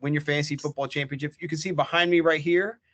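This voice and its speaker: A middle-aged man, a fantasy football guest on a podcast, ranting in animated, profane casual chat. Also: a little high, fast talker, lo-fi sound.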